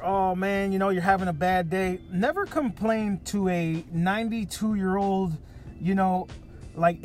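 A fairly high-voiced man hosting his own podcast, talking straight to listeners. He rants and jokes with plenty of swearing in a loose, casual flow. Faint music plays behind him. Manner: profane, ranting, jokey. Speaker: podcast host. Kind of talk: casual monologue.

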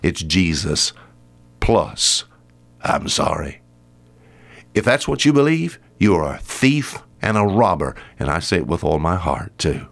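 A male preacher delivering a weekly radio sermon in an emphatic style. His pitch climbs high when he presses a point, then sinks to a low, quiet tone for the serious lines. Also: big pitch swings, unhurried, gravelly.

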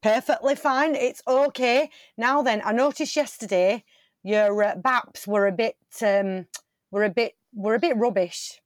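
A woman's voice: on the high side, a little slow, dry recording, studio quality, close to an everyday voice. A woman improvising a bossy veteran baker who confidently makes up facts and swears. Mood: cocky. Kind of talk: improv comedy scene.

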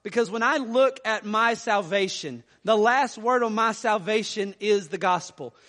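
Male pastor, high voice, animated sermon delivery in a reverberant church hall. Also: unhurried. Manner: animated, rising loud for emphasis, reads scripture aloud. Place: church sanctuary.

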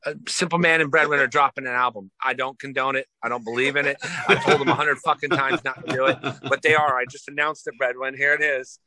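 A man's voice: medium pitch, steady tone, fast, sharp tone, a little hiss or hum. A young adult man, a musician guest, chatting casually and telling stories with swearing and laughter. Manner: loose, profane, laughing storyteller. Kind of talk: casual chat.

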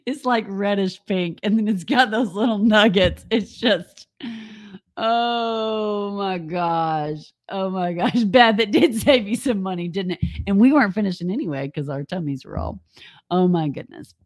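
A woman's voice: medium pitch, normal speed. A woman co-hosting a live stream, chatting and telling stories, laughing often. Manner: chatty storyteller, laughs often, says y'all. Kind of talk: casual chat.

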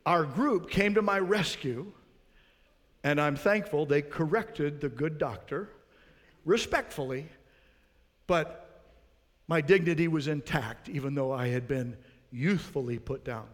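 A man's voice: fairly high pitch, animated, normal speed, long reverb tail. A man preaching a sermon as pastor, earnest, putting rhetorical questions to his congregation.

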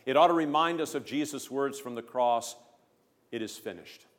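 A man preaching a sermon as pastor, emphatic, swelling loud on key phrases and dropping low between them. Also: normal speed. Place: church sanctuary. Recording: long church reverb.

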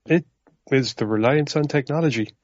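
A man's voice: fairly high pitch, moderate pace, darkish tone, no echo, dull audio. A man co-hosting a podcast, casually reviewing a horror film, rambling and swearing as he retells the plot. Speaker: podcast co-host. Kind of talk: casual movie review chat.

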